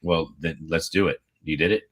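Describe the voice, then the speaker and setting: Deep-voiced upbeat man co-hosting. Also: moderate pace, fairly bright tone, slightly rough. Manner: enthusiastic, rambling, upbeat. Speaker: podcast co-host. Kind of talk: casual livestream chat, reading birthday shout-outs. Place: remote livestream video call. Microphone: video call.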